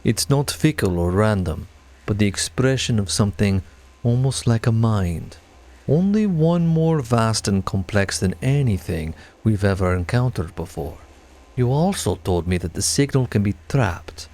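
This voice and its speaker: A man putting on an earnest male scientist from a game, reading a letter in a thick foreign accent. The voice sits low and measured, and the tone is wistful and solemn. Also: animated, a little mellow. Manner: solemn, with a put-on Eastern European accent.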